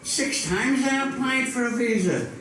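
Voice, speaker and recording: A man's voice: extremely high pitch, expressive, a bit bright. An older man performing a stand-up routine, telling stories with dry punchlines. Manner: storytelling, unhurried with dry punchlines. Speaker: stand-up comedian. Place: live venue with audience. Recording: echoey hall, far from mic, faint noise.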